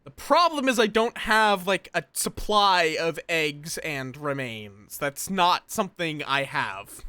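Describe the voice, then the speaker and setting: A man's voice: on the high side, animated, slow pace, bright, forceful tone, clear, resonant tone, no echo. A tired man streaming a game, muttering to himself and thinking aloud as he plays. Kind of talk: casual gameplay commentary.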